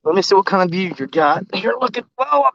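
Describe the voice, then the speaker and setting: A man, talking straight to his viewers in a casual outdoor fishing vlog, excitable and emotional, recorded on a camera mic muffled against the wind on a river bank. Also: sits high, brisk. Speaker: fishing vlogger.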